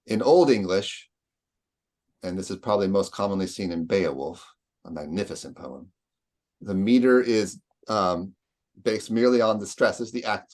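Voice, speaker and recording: A man's voice: deep voice, a little mellow. A man lecturing patiently on poetry, sounding out rhythms aloud as he explains.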